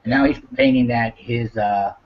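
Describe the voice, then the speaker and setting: A man's voice: medium pitch, steady tone, moderate pace. Rambling fifty-something man, lo-fi. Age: 50s. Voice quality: profane, rambling, repeats himself. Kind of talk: casual chat. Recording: dull lo-fi recording.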